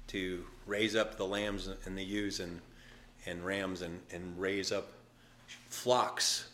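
A man speaking as a gentle, firm Jesus. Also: slight background noise, full character voice. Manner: low, soft, earnest and direct. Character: gentle, firm male Jesus commissioning a disciple.

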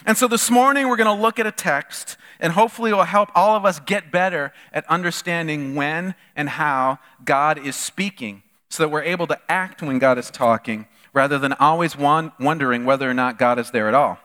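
A man's voice: on the high side, a little fast, few pauses, big-room sound. A man preaching a sermon as pastor, telling stories and acting out the voices of the people he quotes. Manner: animated storytelling, acts out quoted voices. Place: church hall.

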